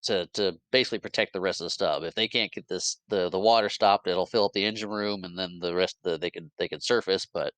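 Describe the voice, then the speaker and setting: A man retells a movie plot on a podcast in a loose, animated way, stumbling through restarts and briefly voicing the characters he describes. His voice sits a little low but sounds bright and crisp. The sound is close and dry, with no room around it. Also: quick pace, hardly any pauses, no echo. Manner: frequent restarts and fillers. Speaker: podcast co-host. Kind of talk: casual movie recap.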